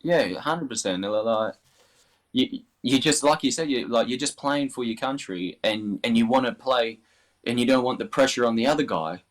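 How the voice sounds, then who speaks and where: A man's voice: medium pitch, moderate pace. An Australian man chatting casually as an interview guest, rambling with many restarts. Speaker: interview guest, darts player.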